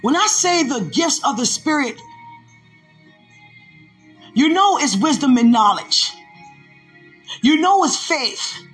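A woman's voice: sits high, animated, slow, pauses often, fairly bright tone, faint music behind. A woman hosting a devotional podcast, laughing often and talking aloud to God between emphatic, preachy lines. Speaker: podcast host.

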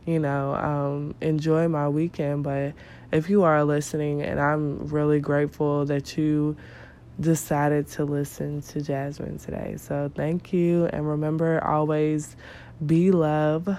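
A woman's voice: low-pitched, flat delivery, unhurried, dark tone, slight background noise. A woman hosting her own podcast, talking casually with a nasal voice and lots of fillers and restarts. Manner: rambling, many fillers and restarts. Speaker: podcast host. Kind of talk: casual solo podcast talk.

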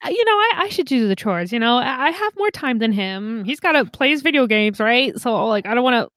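A woman's voice: a little high, very animated, a little fast, fairly bright tone, no room sound, clean studio sound. A woman improvising a bubbly, giggly character who rambles with many fillers in a comedic role-play.

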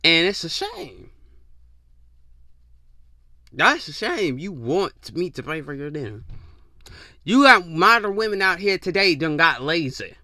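Brief: male podcast host on a solo rant, high and bright voice, profane and animated, close dry mic. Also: unhurried, pauses often, no room sound. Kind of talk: casual opinion rant.

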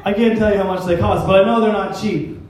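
A man's voice: high-pitched, fairly even intonation, quick pace, darkish tone, slight background noise. A man preaching a sermon as pastor, in a conversational style with wry, self-deprecating asides. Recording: echoey hall, mic at a distance.

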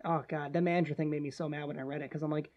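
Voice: mid-range voice, very fast, dull audio. Podcast co-host, full of "like"s. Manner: animated, heavy use of "like". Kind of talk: casual podcast discussion.

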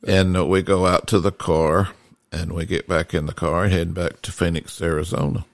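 An older man, slowly recalling old family stories in casual conversation, with many pauses and fillers. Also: low-pitched, fairly even intonation, no room sound. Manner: slow, halting recollection with many fillers. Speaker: guest father telling stories. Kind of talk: casual storytelling.

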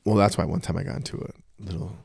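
Middle-aged guy on a podcast, blunt and swearing, animated stories, kinda low voice, dry mic. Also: fast talker, gravelly, husky, no echo. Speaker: podcast co-host. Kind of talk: casual podcast chat.

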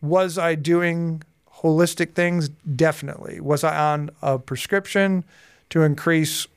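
A man in his forties, a guest on a podcast interview, telling personal stories in a lively way and acting out the dialogue. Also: a little high, measured pace, clear, resonant tone, dry recording, studio quality. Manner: lively storyteller who acts out dialogue. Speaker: guest, hypnotherapist and coach.

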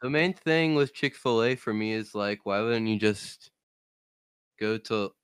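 A young man from Louisiana, a guest on a casual podcast, talking in halting bursts with restarts. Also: fairly low pitch, clear, resonant tone, dry recording, studio quality.

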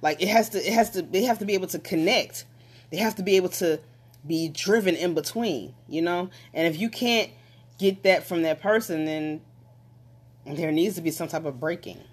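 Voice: medium pitch, moderate pace, husky. A speaker giving a motivational talk, emphatic and repetitive, pressing listeners directly with questions and urging them to act.

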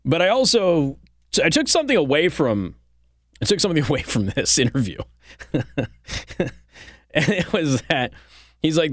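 A man hosting a satirical monologue, deadpan and mock-serious with casual fillers. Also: on the high side, moderate pace, long pauses, dry recording, clean studio sound. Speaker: host.

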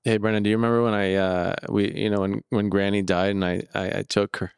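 A man's voice: fairly low pitch, little pitch movement, quick pace, smooth, no echo, clean studio sound. A man co-hosting a comedy podcast, rambling through absurd stories with stumbling restarts. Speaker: podcast co-host. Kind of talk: casual comedic storytelling.

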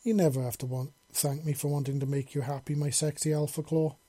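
A man voicing a playful young man in metal armor teases and speaks tenderly in this storybook reading. The voice is dark and mellow with a slight husk, close and dry. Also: fairly high pitch, level tone, fairly quick, breathy edge, no echo. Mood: gentle, warm. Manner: playful, teasing, then gentle.

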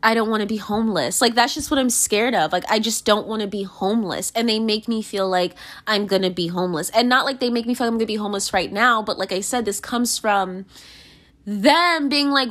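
A young woman in a candid monologue, rambling with many fillers and restarts, swearing and venting with emotion. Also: a bit bright. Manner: emotional, pitch swinging widely.

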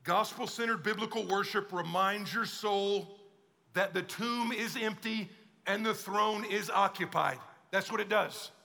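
High, gravelly pastor preaching in a reverberant hall. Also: male voice, measured pace. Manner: animated, conversational, acts out quoted voices. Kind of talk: sermon. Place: church auditorium.

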